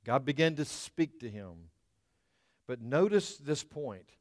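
A man preaching a sermon, moving between loud declaiming and hushed whispers. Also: mid-range voice, sing-song, slow pace, no room sound, clean studio sound, big-room sound. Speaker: pastor.

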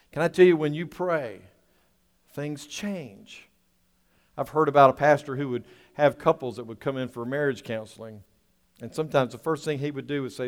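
A male pastor preaching a sermon, swinging from loud, drawn-out lines to quiet asides and asking the congregation rhetorical questions. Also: mid-range voice, in a large hall.

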